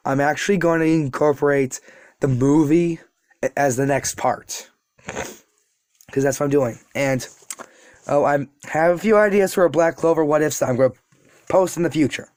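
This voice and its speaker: A man's voice: fairly high pitch, moderate pace, pauses often, a little mellow, no room sound, clean studio sound. Rambling man telling a fan story. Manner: rambling, self-deprecating asides. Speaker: YouTube storyteller. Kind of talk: casual storytelling.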